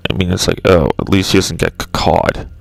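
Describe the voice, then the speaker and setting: Guy with a deep gravelly voice rambling and griping to camera, swears a lot. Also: steady tone, moderate pace, no room sound, rough recording. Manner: rambling, profane, exasperated ranting. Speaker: channel host. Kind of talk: casual rambling video commentary.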